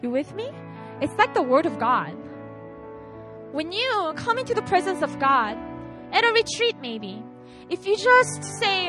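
A woman preaches to a retreat crowd in a high, bright voice that leaps up and down with feeling. She keeps checking in with her listeners and acts out short scenes as she goes, with soft music playing behind her. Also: unhurried. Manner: lively preaching with repeated "right?" asides. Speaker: retreat speaker. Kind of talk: sermon.

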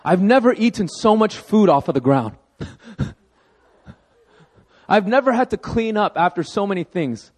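A man in his thirties preaching a sermon as pastor, telling a personal story with animated emphasis. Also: high voice, a little slow, long pauses.

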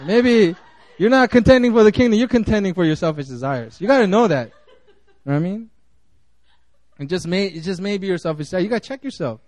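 A man's voice: high-pitched, lively intonation, fairly quick, a little mellow. A man giving a casual, conversational sermon, full of fillers and restarts as he talks. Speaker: guest preacher.

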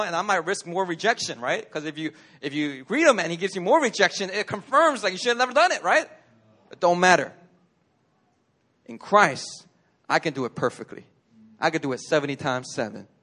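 Male pastor, fairly high voice, conversational animated sermon in church, storytelling.

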